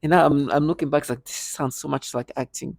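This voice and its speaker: A man's voice: a little high, steady tone, quick pace, gravelly, a little mellow, dry recording, studio quality. A man speaking in a rambling personal monologue, full of restarts and repeated words, acting out remembered conversations. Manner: acts out both sides of remembered conversations. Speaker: vlogger.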